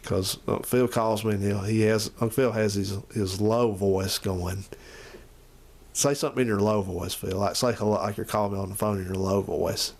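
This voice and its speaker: A man's voice: lowish voice, steady tone, moderate pace, a little mellow. A man, chatting casually to the camera and his uncle in a rambling, repetitive way. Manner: rambling, repeats himself, talks to his uncle and the viewers. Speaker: channel host.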